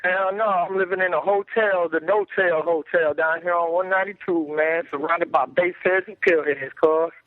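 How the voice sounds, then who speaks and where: A man's voice: sits high, steady tone, moderate pace, hardly any pauses, no room sound. A man calling into a radio show, talking in a slangy, laid-back way. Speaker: caller. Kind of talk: phone-in chat. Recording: dull phone line.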